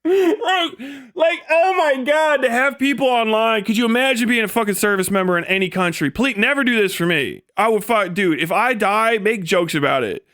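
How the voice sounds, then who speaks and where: A man with a high, bright, sharp voice rants on a live stream. He swears constantly, mocks as he goes, and keeps cracking himself up. He slips into jokey put-on voices for the people he quotes. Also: lively intonation, normal speed. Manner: profane, mocking, laughs often while riffing. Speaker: livestreamer. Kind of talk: live stream commentary rant.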